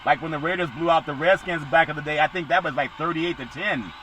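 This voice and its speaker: A man talking sports on his podcast, running casually through the upcoming football games. His voice sits a touch on the high side, and he breaks into jokey, louder bursts now and then. Street traffic rumbles clearly behind him outdoors. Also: fast talker, poor audio. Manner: rambling and jokey, with loud bursts.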